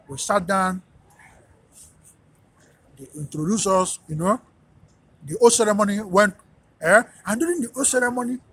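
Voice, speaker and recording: A man's voice: high voice, fairly bright tone, breathy edge. A man, a radio host, telling a personal story in an emphatic, repetitive, preacher-like monologue.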